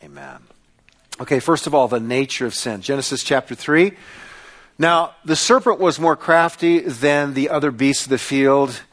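A man preaching a sermon, with a hushed tone in prayer and lively questions and mock voices in his teaching. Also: medium pitch, normal speed. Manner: animated, mimics mocking voices, rhetorical questions. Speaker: pastor.

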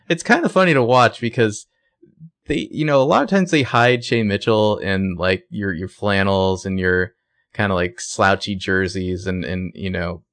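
A man co-hosting a casual podcast, recapping a TV episode and acting out the characters' lines in quick voices. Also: lowish voice, fairly bright tone, no echo. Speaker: podcast co-host.

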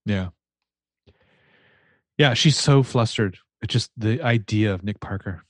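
A man co-hosting a podcast, chatting casually about a movie, animated and laughing as he retells scenes. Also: lowish voice, measured pace, dry recording. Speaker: podcast co-host. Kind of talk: casual movie-discussion chat.

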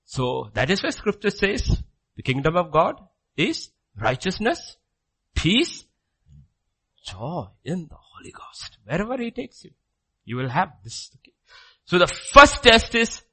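A man's voice: huge pitch swings, slightly rough. Preacher man with wildly swinging delivery. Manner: dramatic swings between loud exclamations and hushed low asides; acts out dialogue with rapid questions and answers. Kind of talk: sermon.

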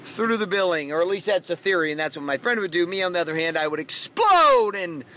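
A man's voice: high-pitched, fast, sharp tone. A middle-aged man hosting a motivational podcast, talking in a brash, profane, punchy way with dramatic swings. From Washington state, USA. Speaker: podcast host. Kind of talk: motivational monologue.

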